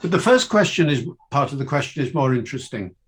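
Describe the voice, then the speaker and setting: An older man from Wales, a linguist giving an academic lecture in measured, emphatic phrases with rhetorical questions. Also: a little high, big pitch swings.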